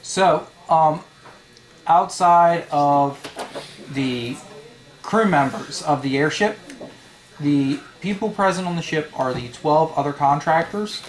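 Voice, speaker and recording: Hesitant man running a tabletop game. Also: a little high. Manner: halting, many fillers. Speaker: dungeon master.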